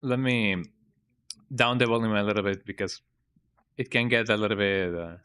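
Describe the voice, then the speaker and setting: A man streaming a video game, giving relaxed, rambling commentary with joking asides. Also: lowish voice, normal speed, clean tone. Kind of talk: casual gameplay commentary. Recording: game capture with loud music. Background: game music and sounds.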